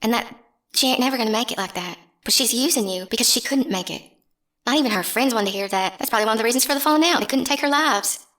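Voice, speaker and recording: A woman's voice: on the high side, quick pace, a bit bright. Blunt woman venting on her channel. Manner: blunt, rambling, scornful. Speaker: channel host. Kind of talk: casual vlog rant.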